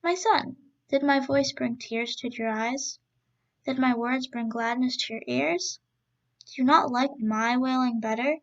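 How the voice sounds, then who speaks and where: A woman doing a gruff old mother toad. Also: sits high, unhurried, dull audio. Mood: coaxing. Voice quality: gruff, coarse. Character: big ugly old mother toad, possessive.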